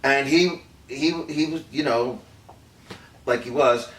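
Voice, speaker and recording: An actor playing a male film director recalling a secret meeting, talking in a halting, hesitant way with many fillers and restarts. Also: medium pitch, a bit bright, recorded from a distance. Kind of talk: improvised acting take. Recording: roomy, off-mic, faint background hiss.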